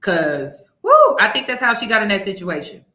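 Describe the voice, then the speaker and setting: A woman hosting a reaction commentary, animated, laughing and restarting her sentences. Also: medium pitch, moderate pace, reverberant. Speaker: commentary host.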